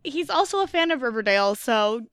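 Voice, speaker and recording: A woman co-hosts a casual podcast with a bright, crisp voice, tossing in wry, jokey remarks. Her pitch sits a little high, and the sound is dry and close. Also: very animated, a little fast, dry recording. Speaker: podcast co-host.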